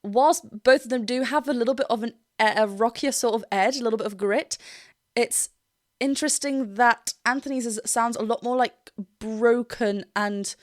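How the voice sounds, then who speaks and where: High-voiced woman vocal coach. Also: normal speed, dry recording, clean studio sound. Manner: enthusiastic, breaks into short sung demonstrations; laughs often while explaining. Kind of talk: reaction video with vocal analysis.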